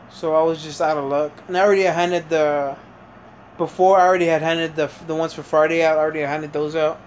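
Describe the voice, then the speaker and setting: A young man fresh out of high school, telling a rambling, frustrated story in a casual vlog, full of fillers and restarts. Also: level tone, a little fast, slight background noise. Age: young adult. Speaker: vlogger.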